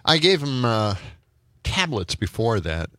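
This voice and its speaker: A man's voice: medium pitch, big pitch swings, a little slow, pushed and bright, no room sound, clean studio sound. A man in his fifties hosting a casual morning radio show, rambling with fillers and chuckles. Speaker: radio talk show host. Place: radio studio. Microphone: studio microphone.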